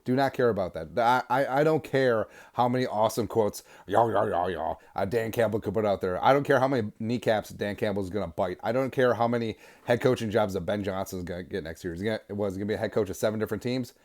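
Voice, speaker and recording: A man hosting a sports podcast, delivering an energetic, sarcastic fan rant. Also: lowish voice, fast talker, hardly any pauses. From Minnesota. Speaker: podcast host.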